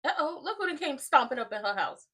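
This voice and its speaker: Sassy bright-voiced woman commentator. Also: sits high, quick pace. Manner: sassy, animated, colloquial. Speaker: commentator reacting to a soap opera. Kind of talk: live watchalong commentary.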